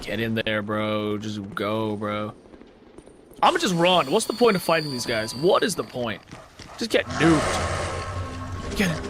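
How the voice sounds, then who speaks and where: A young man live-streaming a video game, swinging from low mutters to sudden yelps and shouts. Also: a little slow. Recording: noisy background.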